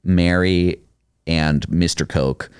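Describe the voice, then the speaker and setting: A man co-hosting a podcast, casually recapping a TV episode with animated retellings and quoted lines. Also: deep voice, slow, clear, resonant tone, dry recording, studio quality. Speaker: podcast co-host.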